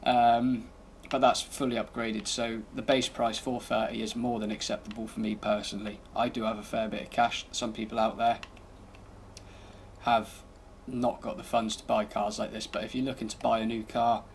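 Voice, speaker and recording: Man, gaming channel host, casual gameplay commentary, gravelly, thinking aloud, background noise. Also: fairly low pitch, little pitch movement, normal speed. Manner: laid-back, thinking aloud while driving.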